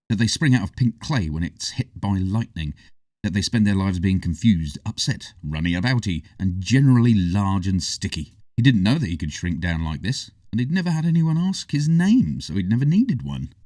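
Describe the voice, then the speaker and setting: A man reading a children's story aloud in an expressive, animated way, heard from a distance. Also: deep voice, moderate pace, no echo. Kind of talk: storybook narration. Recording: distant, dry.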